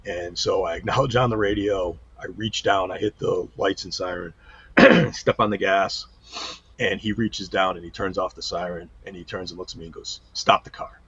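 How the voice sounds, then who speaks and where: Husky middle-aged man, storytelling. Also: sits low, moderate pace, no echo. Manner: animated storyteller, acts out quotes. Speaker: retired police chief, guest. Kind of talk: casual storytelling interview. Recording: dull lo-fi sound.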